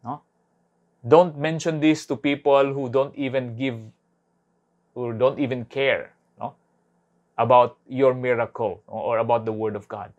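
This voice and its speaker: A man's voice: medium pitch, fairly even intonation, a little slow, darkish tone, muffled recording. Preaching man. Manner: conversational preaching, tag questions "no?". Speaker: pastor. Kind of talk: online sermon. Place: home or church online service.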